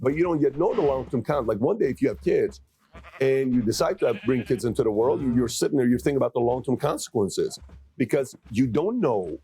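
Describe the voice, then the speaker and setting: A man interviewing a guest, asking thoughtful, measured questions. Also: mid-range voice, lively intonation, warm tone.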